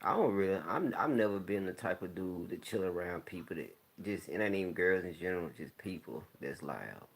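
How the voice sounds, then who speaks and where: A man hosting his own YouTube channel, telling stories to viewers in a relaxed, rambling way with plenty of slang. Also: deep voice, a little fast, hardly any pauses, husky. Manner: laid-back, rambling storytelling with slang. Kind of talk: casual talk to viewers.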